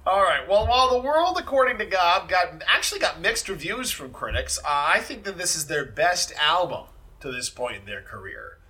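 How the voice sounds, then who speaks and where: Bright, lively-voiced man chatting. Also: high-pitched, moderate pace, hardly any pauses. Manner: animated, breaks into loud impressions while retelling bits. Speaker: podcast co-host. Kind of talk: casual chat.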